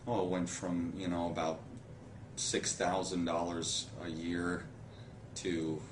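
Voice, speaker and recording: A man's voice: deep voice, level tone, slow. A man being interviewed about his years in network marketing, speaking earnestly and laughing as he tells stories. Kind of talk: conversational interview. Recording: roomy echo, somewhat distant mic, faint background noise.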